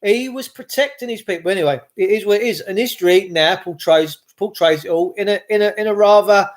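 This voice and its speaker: Middle-aged man, high voice, rambling vlog monologue, impassioned, lots of restarts. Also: brisk. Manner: impassioned, repetitive, with frequent restarts.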